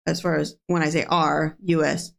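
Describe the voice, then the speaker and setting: A woman in her fifties co-hosting a reaction video, chatting in an animated, chatty way. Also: low-pitched, moderate pace, vocal fry. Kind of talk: casual chat.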